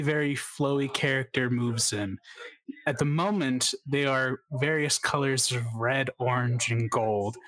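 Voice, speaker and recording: A man player in a tabletop game, describing his character's actions at a slow, unhurried pace. His manner is relaxed and descriptive. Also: medium pitch, no echo, low-quality recording.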